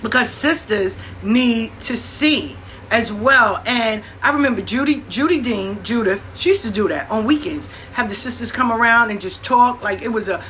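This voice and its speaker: A woman tells stories straight to her listeners. She is blunt and profane and acts out what people said. Her voice is bright and set a little high, with a faint hum of room sound behind her. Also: normal speed. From New York. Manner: blunt, profane, animated with acted-out quotes. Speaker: host. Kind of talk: casual storytelling monologue.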